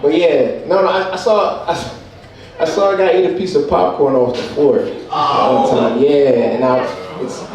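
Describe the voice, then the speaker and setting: A man's voice: fairly high pitch, measured pace, a crowd in the background. A man with a New Jersey accent doing a stand-up set, laid-back, chuckling between lines. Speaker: stand-up comic. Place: comedy club with audience. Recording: echoey club recorded from far off.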